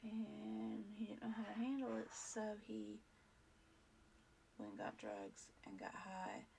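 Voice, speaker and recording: A woman's voice: medium pitch, expressive, takes it slowly, vocal fry, a little mellow, a little hiss or hum. A woman vlog host telling a personal story in a casual, earnest, rambling way, full of fillers and restarts.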